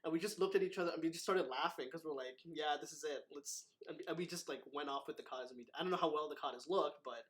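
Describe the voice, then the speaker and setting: A man's voice: fairly high pitch, rapid-fire, few pauses, a bit bright. A man hosting a casual talk as a martial arts instructor. He tells his stories in a rambling way, full of fillers and acted quotes. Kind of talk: casual storytelling chat.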